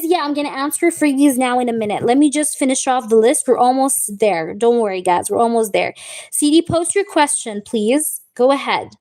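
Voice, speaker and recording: A woman's voice: high voice, darkish tone. Chatty woman tarot reader on a live stream. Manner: chatty, reassuring, calls viewers babe and baby girl. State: recovering from a wisdom tooth removal. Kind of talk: live-stream chat with viewers.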